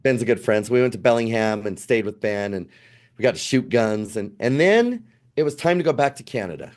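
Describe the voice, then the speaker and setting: A man in his fifties, a podcast guest telling a family travel story in a casual, animated way, acting out what people said. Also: medium pitch, a little fast. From United States. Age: 50s.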